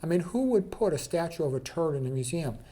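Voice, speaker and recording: A man's voice: on the high side, animated, fast, warm tone. A man casually presenting an art slideshow, blunt and emphatic, with frequent "okay" and "you know".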